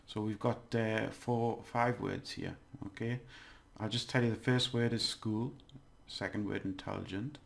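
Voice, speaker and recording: A man's voice: fairly low pitch, fairly even intonation, a little slow, gravelly, few pauses. A man giving a casual video language lesson, chatty, exaggerating words to demonstrate them and laughing at his own slips. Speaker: language teacher.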